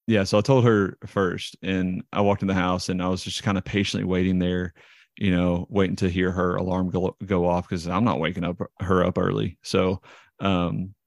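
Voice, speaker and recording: A man's voice: low-pitched, flat delivery, normal speed, creaky, no echo, clean studio sound. A man, a ballplayer guest telling rambling, self-deprecating stories in an interview. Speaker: interview guest, baseball player. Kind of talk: casual storytelling interview.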